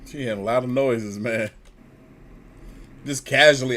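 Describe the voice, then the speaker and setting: A man's voice: medium pitch, lively intonation, slow, pauses often, bright, forceful tone. A man hosting a reaction video, commenting in casual, slangy, joking asides.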